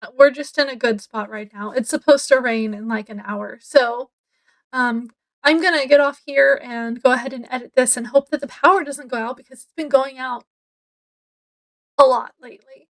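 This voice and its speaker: A woman's voice: high voice, steady tone, moderate pace, a bit bright. A woman, rambling casually to camera at home as a book vlogger, with lots of fillers. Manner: rambling, chatty, many fillers. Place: home, indoors.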